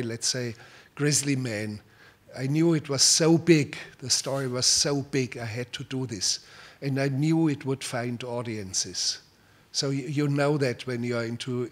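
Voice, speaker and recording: At a public talk, an older man from Germany responds to questions from the audience in a measured, German-accented voice of middle pitch, pausing often and repeating words.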